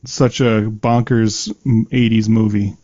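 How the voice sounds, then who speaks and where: A man co-hosting a podcast, making dry, measured remarks in casual chat. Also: lowish voice, flat delivery, dark tone, dry recording. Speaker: podcast co-host. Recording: dry, dull lo-fi sound.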